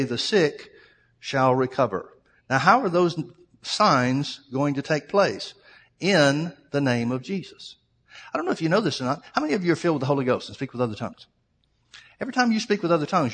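A man preaching to his congregation, reading verses and breaking them down point by point. His voice sits at an ordinary middle pitch and carries a long hall reverb behind it. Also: lively intonation, fairly quick, a bit bright. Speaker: pastor. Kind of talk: sermon.

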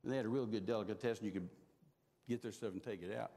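Gravelly older preacher in a reverberant hall. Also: male voice, lowish voice, fast, dark tone. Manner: folksy, stammers and repeats words, chuckles while telling. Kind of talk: storytelling sermon. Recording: long reverb of a large hall.

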